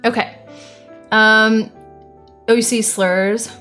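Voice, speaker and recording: A woman's voice: a little high, flat delivery, sharp tone, faint music behind. Blunt, exasperated American woman streamer. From United States. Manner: blunt and exasperated, quick to deny. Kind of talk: reading viewer requests aloud on a livestream.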